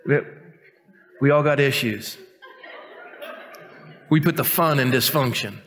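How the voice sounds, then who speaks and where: A man preaching a sermon as pastor, mixing jokes at his own expense with earnest teaching, and dropping to a quiet, intense tone for stern points. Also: mid-range voice, takes it slowly. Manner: joking, self-mocking asides between earnest teaching. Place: church sanctuary. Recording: long reverb of a church hall.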